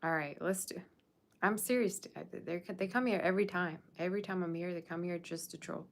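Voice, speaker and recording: The tarot livestream host, a young adult woman, has a lowish voice and talks a little fast. She keeps things casual and playfully sasses the people in her chat.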